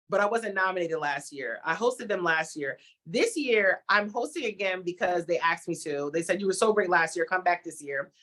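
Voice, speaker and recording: Bright, animated woman telling a story. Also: mid-range voice. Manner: animated storytelling, acts out her own reactions. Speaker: TV host, interview guest. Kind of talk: casual interview chat.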